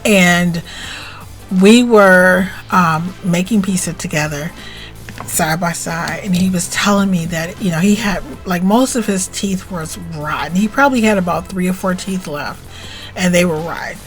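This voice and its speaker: A middle-aged woman telling a personal story on her video blog, swinging between plain recollection and tearful, animated outbursts. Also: unhurried, faint music behind. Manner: emotional, animated retelling with rising pitch and tearful outbursts. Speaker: spiritual vlogger.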